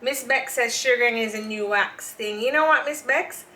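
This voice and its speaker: A woman's voice: a little high, moderate pace, bright, forceful tone, low-quality recording. A woman hosting a casual chat show, chatty and giggly as she tells stories. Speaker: host.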